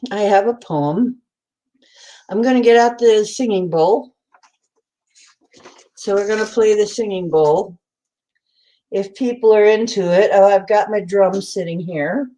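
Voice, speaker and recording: Slow-talking mellow woman livestream host. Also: medium pitch. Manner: chatty, greets viewers by name, laughs often. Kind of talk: casual livestream chat.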